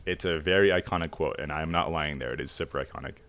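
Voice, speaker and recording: A young man with a very deep, slightly bright voice speaks at a quick clip as he hosts a casual quiz game with friends on a podcast. He teases them, laughs a lot, and swears casually throughout the chat.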